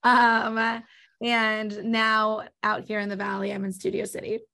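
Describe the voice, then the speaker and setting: A woman with a Californian accent, an estate planning attorney answering interview questions in a quick, explanatory way. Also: fairly high pitch, flat delivery, creaky, pushed and bright. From born in New York, raised in Los Angeles. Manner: talks fast, explanatory.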